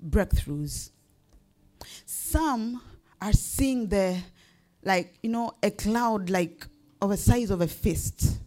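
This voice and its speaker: Woman preacher, mellow tone, mid pitch, gets loud n fired up w/ questions. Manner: preaching with rising emphatic questions. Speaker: pastor. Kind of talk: sermon.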